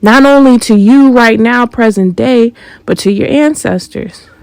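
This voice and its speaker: Woman, spiritual monologue host, slow deliberate delivery, pointed rhetorical questions, dry close sound. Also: on the high side, no room sound, low-quality recording. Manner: confrontational, rhetorical questions, emphatic.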